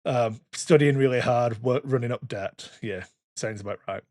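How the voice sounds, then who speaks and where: A man in his thirties rambles through a long story on a casual podcast, swearing freely as he goes. His voice sits at an ordinary pitch, and the recording is dry with no room sound. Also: normal speed, a little mellow, dry recording. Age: 30s. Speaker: podcast co-host. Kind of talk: casual chat.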